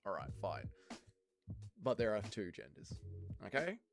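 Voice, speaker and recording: A man's voice: on the low side, wildly swooping pitch, a little slow, over music. An Australian man hosting a casual livestream and reading chat, rambling and blunt, calling people mate and swearing now and then.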